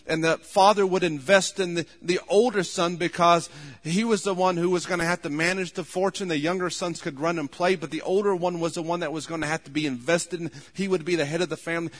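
A man preaching a sermon in an earnest tone, voice rising to loud pleading when he quotes. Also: on the high side. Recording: long hall reverb.

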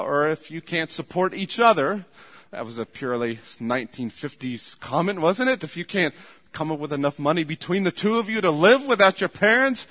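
Male pastor, slightly high bright voice, chatty sermon delivery, long hall reverb. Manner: conversational, animated storytelling with acted quotes. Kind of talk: sermon on marriage.

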